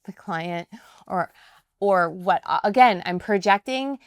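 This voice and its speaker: Actress guest, woman, lively and chatty, clean dry studio voice. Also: medium pitch, slow, dry recording. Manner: animated, chatty, laughs easily. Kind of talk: casual interview chat.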